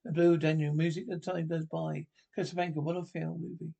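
A man's voice: fairly high pitch, level tone, fairly quick, creaky, warm tone, breathy edge. A man reading a comedy TV script aloud, voicing every part himself and reading the stage cues plainly between the lines. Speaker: podcast reader.

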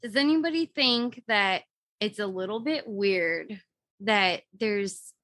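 Slow-talking woman podcast host. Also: medium pitch, a bit bright, dry recording, studio quality. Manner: short reactive remarks. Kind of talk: casual chat.

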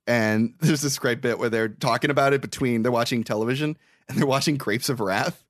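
A man's voice: mid-range voice, no echo, studio quality. A young man co-hosting a podcast, recapping a film in casual, exasperated, profanity-laced storytelling. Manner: profane, exasperated storytelling with quick quoted asides. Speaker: podcast co-host.

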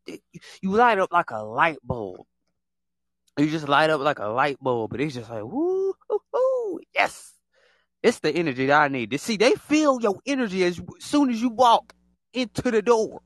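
A man hosting a casual monologue, talking in an animated, repetitive way and acting out other people in quick put-on voices. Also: fairly high pitch, no room sound. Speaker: podcast host.

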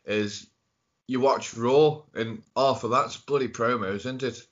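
A man's voice: mid-range voice, measured pace, fairly bright tone. A nasal young man with a Stoke-on-Trent accent, a podcast guest who banters and jokes in casual chat. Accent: Stoke-on-Trent English. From Stoke-on-Trent, England. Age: young adult. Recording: dull lo-fi audio.

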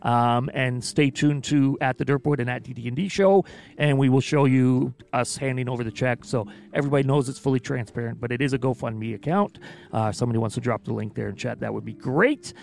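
A man's voice: mid-range voice, a little fast, vocal fry, darkish tone. A man co-hosting a stream, chatty and joking between announcements. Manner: chatty, jokey, lots of fillers. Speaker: stream co-host.

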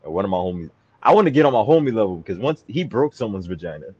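A young man with a lowish voice tells a bragging story in casual chat, breaking into loud exclaiming. The sound is dry and a bit dull. He talks like a podcast co-host trading stories. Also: sing-song, racing, slightly rough, dry recording.

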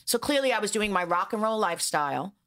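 A woman's voice: medium pitch, expressive, quick pace, fairly bright tone. A middle-aged woman guest speaking candidly, swearing freely as she tells stories in a casual interview.

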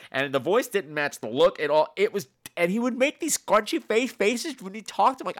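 A man with a high, lively voice that swings widely in pitch as he reviews films for a podcast. His delivery is campy and sarcastic, full of snark. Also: normal speed. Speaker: podcast host and horror film reviewer. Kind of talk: casual spoken review.

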